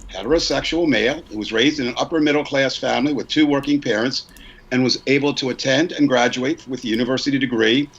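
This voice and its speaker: A man's voice: mid-range voice, quick pace, a bit bright, husky, muffled recording. A man in his sixties, a podcast co-host, earnestly reading a prepared statement and repeating lines for emphasis. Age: 60s.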